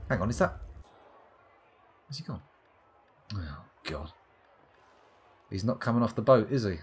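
A man's voice: on the low side, very animated, a little slow, long pauses, slightly rough. A man from England with a southern English accent, giving sardonic, sweary live commentary on a game he is playing. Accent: southern English, near London. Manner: sardonic, swearing, muttering to himself. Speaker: streamer.

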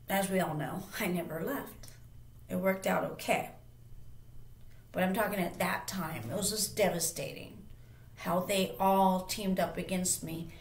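A woman host telling a personal story casually, emphatic and rambling, with frequent restarts and repeats. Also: on the low side. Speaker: channel host. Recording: roomy echo.

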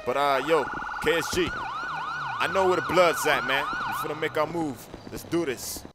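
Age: adult. Sex: man. Style: hyped, slangy gaming roleplay banter as a gang leader. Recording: loud music behind the voice. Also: high voice, huge pitch swings, unhurried, heavy background noise. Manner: hyped, trash-talking, slangy.

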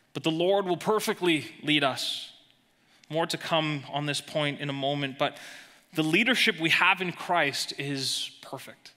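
A male pastor preaching a sermon with emphasis, dropping soft and slow when quoting verses. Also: on the high side, in a large hall. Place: church sanctuary.

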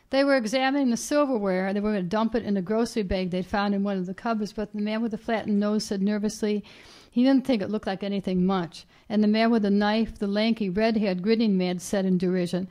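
A woman author reading her own short story aloud in a measured, even way at a reading event. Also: medium pitch. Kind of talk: literary reading. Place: reading event at a writers' house.

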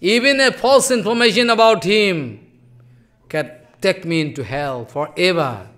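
A man's voice: sits high, measured pace, fairly bright tone. A man giving a devotional sermon, telling stories with emotion and repetition in broken English. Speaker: preacher.

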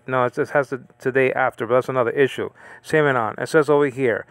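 A man teaching the Bible in a casual, rambling monologue, often correcting himself and slowly reading out Greek words. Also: a little high, a bit bright, no room sound.

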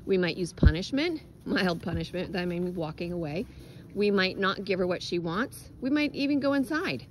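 A woman's voice: fairly low pitch, expressive, moderate pace, slight background noise, poor audio. Woman dog trainer coaching outdoors. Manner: directive, encouraging coaching. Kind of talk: hands-on coaching and explanation. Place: outdoors on a lawn.

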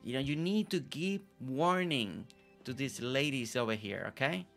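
A man's voice: mid-range voice, unhurried, creaky, a bit bright. A man streaming a game, chatting playfully with his viewers and joking around. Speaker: gaming streamer. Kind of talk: casual gameplay commentary. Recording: faint game music behind.

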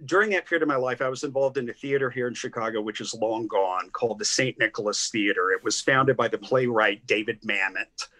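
Older southern guy from tennessee, chatty, keeps restarting, mid pitch. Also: a little fast, hardly any pauses, bright, forceful tone. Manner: chatty storyteller, many restarts and laughs. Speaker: guest critic. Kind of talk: casual video-call interview.

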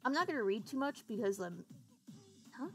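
A woman's voice: a little high, lively intonation, fairly quick, soft background music. A woman streamer chatting casually with her viewers while setting up and playing a game, swearing offhandedly. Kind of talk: casual livestream chat while gaming.

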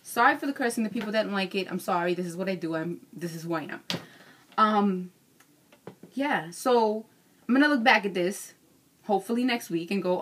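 A woman's voice: mid-range voice, a little fast, a bit bright. A young adult woman ranting casually in a vlog, frank and self-mocking, cursing freely. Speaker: vlogger.

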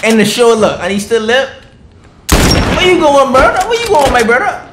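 A man's voice: very high-pitched, normal speed. Hyped guy playing a game n trash talking enemies, voice bouncing around a roomy echoey space, noise behind. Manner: excitable, trash-talks game enemies, bursts into shouts. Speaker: gaming streamer. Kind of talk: let's play commentary.

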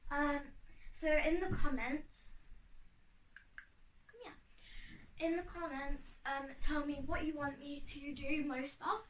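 High chatty woman vlogging from her bedroom, giggles a lot, roomy sound a bit off mic. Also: fairly even intonation, unhurried. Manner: chatty, easily sidetracked, giggly. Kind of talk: casual chat to camera. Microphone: camera on a tripod. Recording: roomy, a bit far from mic, faint noise.

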